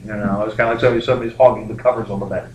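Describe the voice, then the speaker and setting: A man's voice: on the low side, steady tone, racing, darkish tone, recorded from a distance. Rambling, jokey male history teacher. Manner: rambling, jokey, many fillers. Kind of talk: classroom lecture. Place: classroom. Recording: echoey classroom, faint background noise.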